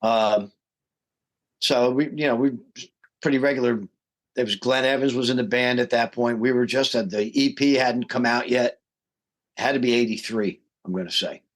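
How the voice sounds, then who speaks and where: A middle-aged man, a rock singer guesting on a podcast, telling a story with lively acted-out quotes. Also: medium pitch, normal speed. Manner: animated storyteller who acts out quoted voices. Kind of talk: casual storytelling interview.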